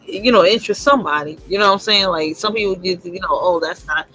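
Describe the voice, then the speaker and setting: A man's voice: sits high, fast, sharp tone, a little hiss or hum, poor audio. A man from New York hosting a casual livestream chat, reflective and emphatic, often repeating himself as he works through a thought. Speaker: host.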